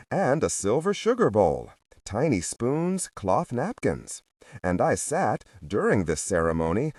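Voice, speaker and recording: A man's voice: mid-range voice, darkish tone, breathy edge, no echo, studio quality, distant mic. A man narrating an audiobook in scripted first-person storytelling, with a reflective manner.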